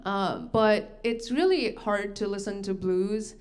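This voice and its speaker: A woman's voice: mid-range voice, slow. A young woman from Texas doing a stand-up set in a comedy club, dry and self-deprecating, laughing into her own lines. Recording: live club audio with loud crowd laughter.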